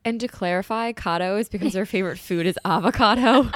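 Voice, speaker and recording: A young woman hosting a casual podcast, chatty and giggly, rambling with lots of fillers, her voice a little raspy. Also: medium pitch, a little fast, no room sound. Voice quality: raspy at times from teaching spin. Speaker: podcast host. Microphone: handheld podcast mic.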